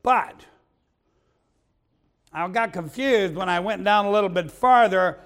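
A man in his seventies from Ohio, preaching a revival sermon in a folksy way, dropping into quiet asides and saying amen often. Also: unhurried, clear, resonant tone. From Ohio, USA. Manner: folksy, drops to low asides, frequent amens.

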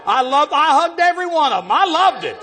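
A man preaching, telling folksy stories with exuberant shouting bursts and a husky voice. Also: very high voice, sing-song, fairly quick. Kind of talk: storytelling sermon testimony.

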